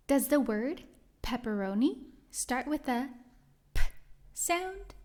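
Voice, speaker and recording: A woman's voice: high-pitched, animated, darkish tone. A woman teaching a children's phonics lesson, sounding out letters carefully and giving cheerful praise. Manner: slow, cheerful, exaggerated praise for kids. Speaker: reading teacher for young children.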